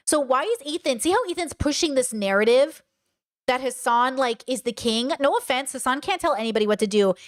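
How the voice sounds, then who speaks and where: A woman streamer giving casual reaction commentary, blunt and animated, swearing freely as she rants. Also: on the high side.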